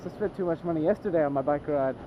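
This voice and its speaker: A man's voice: a little high, racing, dull audio. A young man talking casually to the camera while he drives, rambling and self-deprecating, with many restarts. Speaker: vlogger. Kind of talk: casual driving vlog. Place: inside a moving car. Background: car and road noise.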